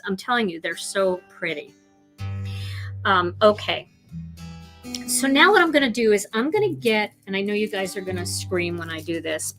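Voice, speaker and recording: A woman's voice: mid-range voice, a bit bright. Gushing, chatty woman demonstrating crafts. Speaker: card-making host.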